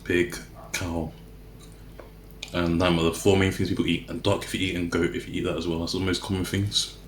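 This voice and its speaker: A man's voice: low-pitched, level tone, a little fast, echoey room, a little hiss or hum. A man vlogging in a casual, rambling way, often correcting himself mid-sentence as he talks to the camera. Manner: rambling, self-correcting, chatty. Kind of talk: casual talk to camera while eating.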